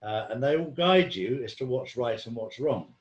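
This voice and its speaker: A man's voice: mid-range voice, expressive, normal speed, reverberant, muffled recording. A man in casual conversation, telling rambling stories with lots of ums and restarts. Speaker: guest.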